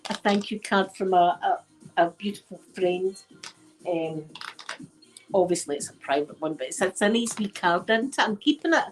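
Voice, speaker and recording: A woman's voice: lowish voice, moderate pace, faint music behind, poor audio. A Scottish woman chatting casually to her livestream viewers from home on her phone, rambling and repeating herself. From Scotland. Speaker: livestream host. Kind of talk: casual chat.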